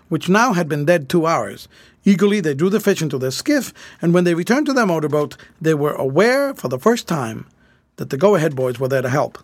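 Male audiobook narrator, kinda high voice, really lively reading, dry close sound. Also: no room sound. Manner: animated, expressive reading.

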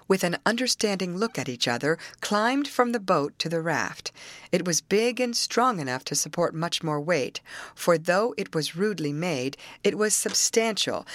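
A woman narrates an audiobook with lively, expressive intonation. Her voice sits a little low. The recording is dry and close. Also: no echo. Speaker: audiobook reader.

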